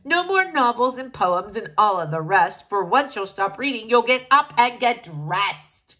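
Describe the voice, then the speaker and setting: Storybook read-aloud: woman doing a vain, scolding king, lively and theatrical. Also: a little high, a little slow, full character voice, rough recording. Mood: stern. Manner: blustering, scolding, rhymed verse. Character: fussy vain male king, fashion-obsessed, pompous.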